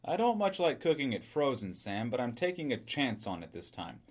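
A man voicing a housewife who acts calm and natural while hiding a killing, raising his pitch for her. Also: moderate pace. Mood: sweetly casual.

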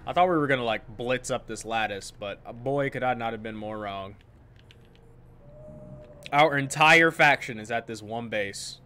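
A man's voice: mid-range voice, moderate pace, slight background noise. A man giving casual, joking commentary over his own game footage. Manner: chatty, joking, loud outbursts. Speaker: gaming YouTuber.

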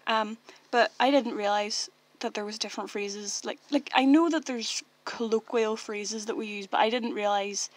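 A woman's voice: mid-range voice, steady tone, moderate pace, hardly any pauses. A woman with a Northern Irish accent co-hosting a podcast, telling stories in casual chat and talking constantly to fill every gap. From Northern Ireland. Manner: chatty storyteller, fills every gap with talk. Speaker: podcast co-host.

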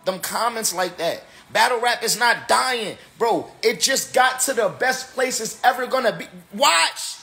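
A man's voice: very high-pitched, lively intonation, a little slow, creaky, few pauses, bright, forceful tone. A tipsy man, a battle rapper, ranting on a livestream in an emphatic, repetitive, slangy way. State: tipsy from drinking. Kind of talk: casual livestream rant.

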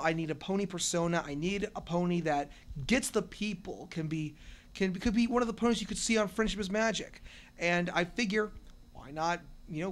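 A young man from Cincinnati, a radio and podcast host, talking excitedly and rambling with many restarts in an interview on a convention floor, holding a handheld mic. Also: high voice. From Cincinnati, USA. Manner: energetic, rambling, with repeated restarts. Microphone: shared handheld mic.

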